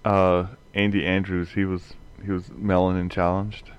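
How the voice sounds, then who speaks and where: A man's voice: low-pitched, flat delivery, normal speed, clear, resonant tone, dull audio. A man in a casual group chat, telling rambling anecdotes and chuckling often as he goes.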